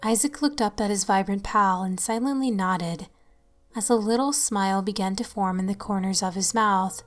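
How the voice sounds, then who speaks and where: A woman reading a horror story aloud in a steady, even manner. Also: medium pitch, moderate pace. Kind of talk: scripted horror narration. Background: faint music.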